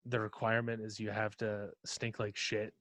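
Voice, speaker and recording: A man's voice: lowish voice, completely flat delivery, normal speed, fairly bright tone, no echo. Laid-back profane male podcast host. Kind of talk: casual comedic chat.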